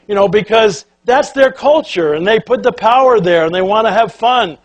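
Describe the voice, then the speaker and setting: Older male speaker, high-pitched, folksy and lively, acts out the characters in his stories. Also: normal speed, hardly any pauses. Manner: animated, folksy, acts out quotes and quacking sounds. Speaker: keynote speaker. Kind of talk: storytelling speech to an audience.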